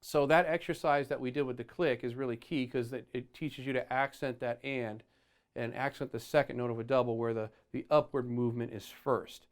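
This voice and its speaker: A man's voice: medium pitch, fairly even intonation, brisk. A man teaching foot technique on the drums, explaining step by step and counting beats and singing out rhythms aloud. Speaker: drum teacher. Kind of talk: instructional drum lesson. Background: faint drums and click track.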